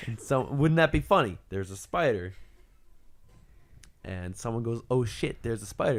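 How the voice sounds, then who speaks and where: Animated man telling funny stories. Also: mid-range voice. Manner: animated, acts out other people's voices, swears often. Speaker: podcast co-host. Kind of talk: casual storytelling chat.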